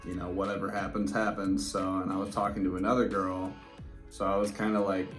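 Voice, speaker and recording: Laid-back young man, slightly low voice. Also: little pitch movement, soft background music. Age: 20s. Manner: laid-back, halting with restarts and laughs. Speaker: co-host telling a couple's story. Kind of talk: casual chat. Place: indoors at home in front of a screen.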